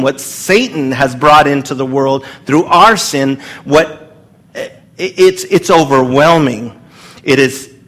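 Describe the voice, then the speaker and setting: A man preaching a sermon to his congregation in an earnest, emphatic way, pausing and restarting as he speaks. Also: medium pitch, a bit bright. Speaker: pastor.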